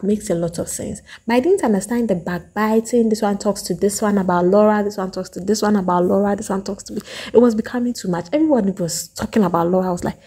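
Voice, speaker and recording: Woman with a Ghanaian accent, reality TV vlogger, emphatic and opinionated, mellow husky voice. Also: medium pitch. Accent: Ghanaian English. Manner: emphatic, animated, acts out quoted lines. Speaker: reality TV reviewer. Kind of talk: opinionated review monologue.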